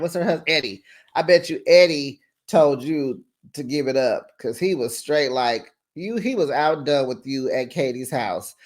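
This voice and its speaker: Recap host, woman; low-pitched, lively delivery, sassy and chatty. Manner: sassy, animated, talks straight to viewers with slang like "child" and "honey". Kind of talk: casual recap commentary.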